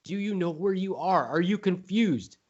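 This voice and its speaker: A man's voice: high-pitched, animated, normal speed, a little mellow. A man doing a ranting, foul-mouthed mock president. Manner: ranting, mocking and profane. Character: blustering, insulting mock president. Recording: dull lo-fi podcast audio.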